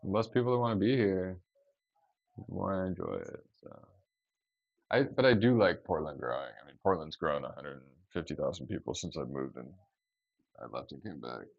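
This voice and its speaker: A man's voice: deep voice, lively intonation, moderate pace, gravelly, muffled recording. A man vlogging in a laid-back, chatty way, full of "like" and "dude.". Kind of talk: casual chat.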